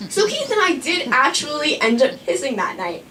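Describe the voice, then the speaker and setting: A woman's voice: high-pitched, big pitch swings, moderate pace, pushed and bright, recorded from a distance, slight background noise. A young woman telling a personal story live on a small stage, chatty with lots of "like" and frequent laughter.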